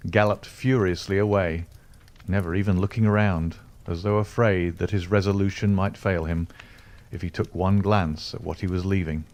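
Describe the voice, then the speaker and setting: A man reads a classic novel aloud in a low-pitched voice. His narration is measured and expressive, lifting with the stirring moments of the story. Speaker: audiobook narrator. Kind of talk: scripted narration.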